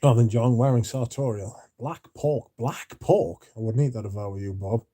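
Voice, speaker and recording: Drowsy and rambling, a livestream host reads through his chat, yawning and now and then mumbling his words. He has a warm, medium-pitched voice and speaks at a moderate pace.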